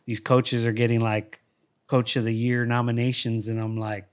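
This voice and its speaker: A man's voice: medium pitch, flat delivery, normal speed, clean tone. A man telling stories in a casual studio interview, speaking loosely with frequent restarts and repeated words. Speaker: guest, former fighter and coach. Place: podcast studio.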